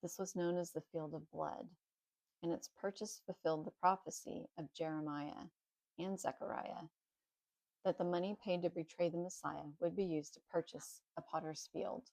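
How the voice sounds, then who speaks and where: Woman narrator, plain steady reading of a Bible story, deep voice. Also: moderate pace, gravelly, no room sound, rough recording.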